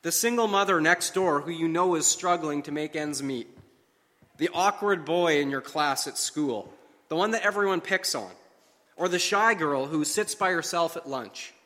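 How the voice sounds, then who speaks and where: A man delivers a sermon in an earnest, measured voice, leaning on key phrases with slow emphasis. His voice sits a little high for a man. Long reverb trails after his words, as if from a large hall. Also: fairly bright tone. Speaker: preacher.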